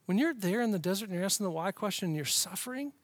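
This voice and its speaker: High-voiced man preaching with passion. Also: animated, racing, no room sound. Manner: impassioned preaching, swings from hushed whispers to loud emphatic lines; repetitive, rhythmic lists. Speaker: pastor. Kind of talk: sermon.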